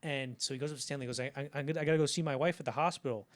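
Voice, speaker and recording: Animated storytelling man. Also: medium pitch, rapid-fire. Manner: animated storytelling, acts out quoted lines. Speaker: podcast co-host. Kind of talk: casual film history chat.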